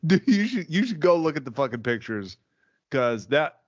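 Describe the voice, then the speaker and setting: A man's voice: fairly high pitch, big pitch swings, normal speed, dull audio. A man co-hosting a casual podcast, telling stories and laughing often between lines. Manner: anecdotal storytelling, laughs often. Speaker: podcast co-host. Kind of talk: casual profane podcast banter.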